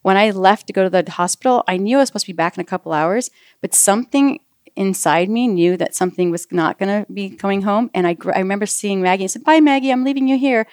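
A woman's voice: mid-range voice, quick pace, a little mellow, no room sound, clean studio sound. A middle-aged woman chatting casually, telling a personal story and acting out the dialogue. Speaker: guest sharing a birth story. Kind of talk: casual chat.

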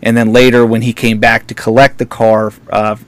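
A man's voice: medium pitch, flat delivery, moderate pace, no room sound. A man co-hosting a talk radio show, joking around and laughing often in casual chat.

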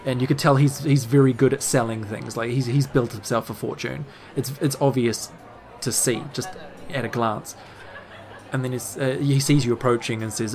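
A man runs a tabletop game, narrating scenes in halting bursts with frequent restarts. His voice sits at a middle pitch for a man. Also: fairly even intonation, darkish tone. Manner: halting, many fillers and restarts. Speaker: game master.

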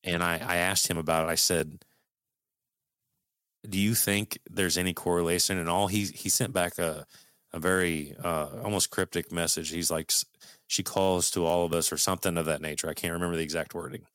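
Deep-voiced middle-aged man telling a story. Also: fairly even intonation, fairly quick, a bit bright, no room sound, studio quality. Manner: earnest, swears freely, frequent restarts. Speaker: guest telling a personal story. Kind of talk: casual storytelling.

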